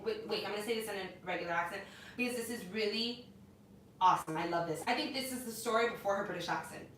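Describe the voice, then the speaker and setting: A young woman co-hosting a casual entertainment news chat, opinionated and animated, with lots of "like.". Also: mid-range voice, quick pace. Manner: animated, opinionated, heavy use of "like". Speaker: co-host. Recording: echoey room, mic at a distance, faint noise.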